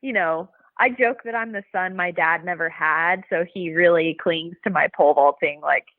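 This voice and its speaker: A woman in her twenties, a guest on a podcast, telling stories in a bubbly, animated way and laughing often. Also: fairly low pitch, moderate pace, no echo. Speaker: guest, Olympic pole vaulter. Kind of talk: casual interview over a phone line. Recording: tinny phone line.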